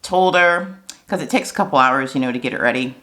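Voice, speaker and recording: An American woman talking casually to her viewers in a chatty, animated way, with fillers and asides. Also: very deep voice, brisk. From United States. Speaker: vlogger. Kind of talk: casual chat to camera.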